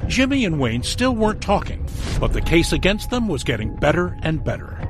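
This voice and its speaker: A man's voice: fairly high pitch, very animated, fairly quick. A man narrating a true-crime broadcast in a scripted, emphatic documentary style. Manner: dramatic, emphatic delivery. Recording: studio voice-over over music.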